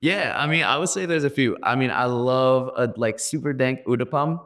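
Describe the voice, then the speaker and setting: A man, a startup founder guest telling animated, slang-heavy stories on a podcast. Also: mid-range voice, moderate pace. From USA. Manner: slangy, animated, laughing storyteller. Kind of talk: casual podcast storytelling.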